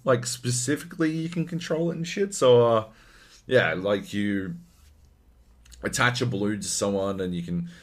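A man's voice: lowish voice, normal speed. A man co-hosting a gaming podcast in casual chat, ranting animatedly with lots of swearing. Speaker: podcast co-host.

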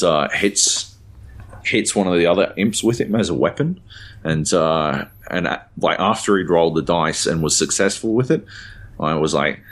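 Very deep-voiced man rambling casually. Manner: rambling, heavy fillers and casual swearing. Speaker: podcast co-host. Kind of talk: casual chat.

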